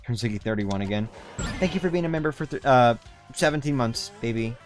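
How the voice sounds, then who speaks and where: A man's voice: mid-range voice, expressive, brisk, faint music behind. Rambling young man streaming a game. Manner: rambling, swears often, trails off and restarts. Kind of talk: casual gaming livestream chat.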